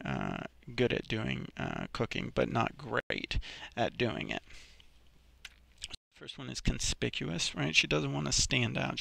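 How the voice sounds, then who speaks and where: A man's voice: mid-range voice, vocal fry, bright, forceful tone, no room sound. A man teaching a recorded vocabulary lesson, explaining each example step by step with many ums and restarts.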